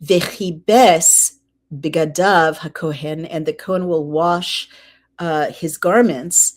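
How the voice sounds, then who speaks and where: A woman's voice: deep voice, steady tone, takes it slowly. A woman hosting a podcast, reading scripture aloud line by line and translating each phrase with casual asides and fillers. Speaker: podcast host. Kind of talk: casual Bible reading and commentary. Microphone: computer mic while screen sharing.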